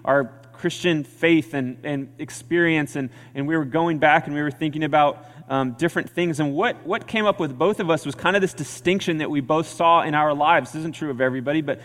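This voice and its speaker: A man's voice: on the high side, brisk, hardly any pauses, a bit bright. A man preaching a sermon as pastor, earnest and conversational, often repeating his phrases. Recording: church hall reverb.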